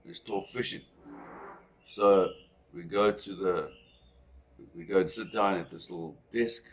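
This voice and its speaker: A man's voice: low voice, fairly even intonation, measured pace. A man from South Africa telling a personal story in a rambling, conversational way with asides.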